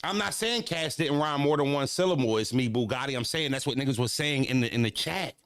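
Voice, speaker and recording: A man who is a battle rapper, ranting casually to his live-stream chat, animated and repetitive, swinging from low mutters to high exclamations. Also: brisk, clear, resonant tone, dry recording, clean studio sound.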